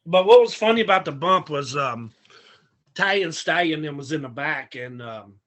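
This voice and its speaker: Man, podcast guest, swearing storyteller, acts out quotes, slightly high voice. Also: moderate pace. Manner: profane, animated storyteller acting out quotes. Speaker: guest, former pro wrestler. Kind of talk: casual storytelling.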